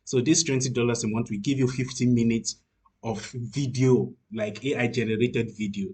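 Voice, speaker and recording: A man's voice: mid-range voice, steady tone, moderate pace, darkish tone, husky. A man casually explaining pricing plans, hesitant and full of fillers. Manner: hesitant, many fillers and restarts. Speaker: tutorial presenter.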